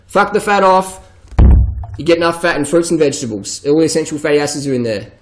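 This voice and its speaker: A man's voice: high-pitched, rough recording. A man ranting bluntly and profanely to camera as a vegan fitness vlogger. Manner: blunt, swearing, emphatic, mocking quoted voices.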